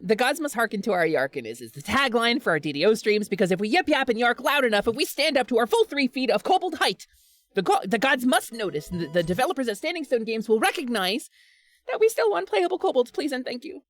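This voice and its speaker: A woman streaming from home, chatting casually and animatedly with her viewers, rambling and quick to get fired up. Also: on the high side, sing-song. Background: faint background music.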